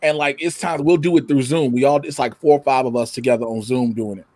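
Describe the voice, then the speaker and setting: A man chatting casually from his home setup, telling animated stories, loudly acting out quotes and swearing freely. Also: mid-range voice, quick pace, dry recording. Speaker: guest. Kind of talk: casual chat. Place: home room with a computer setup. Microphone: computer mic or camera.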